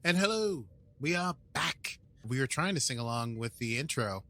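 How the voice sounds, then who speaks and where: An American man co-hosting a podcast, his voice bright and forward. He jokes around and laughs readily, then settles into a brisk recap of the episode. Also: mid-range voice, animated. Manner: laughs often, jokey, playful. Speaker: podcast co-host. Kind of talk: casual chat and episode recap.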